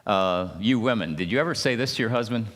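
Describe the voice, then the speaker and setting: A man with a fairly low voice leads a church marriage seminar. He talks haltingly, restarting his words and often checking in with "okay?". His voice rings out with a long reverb in a church hall. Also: a bit bright.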